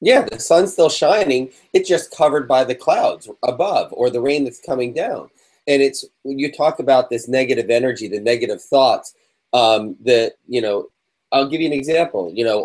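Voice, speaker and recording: Man, mid pitch, co-host, friendly, asks questions, video call. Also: animated, moderate pace, a little mellow. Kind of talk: casual discussion.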